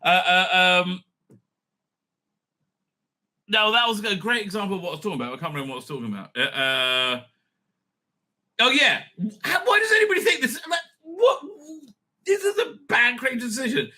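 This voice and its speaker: A middle-aged man hosting a casual TV review, excitable and blunt, swearing freely, laughing often and trailing off mid-thought. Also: sits high, normal speed, pauses often. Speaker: show host reviewing TV episodes. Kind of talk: casual rambling review monologue.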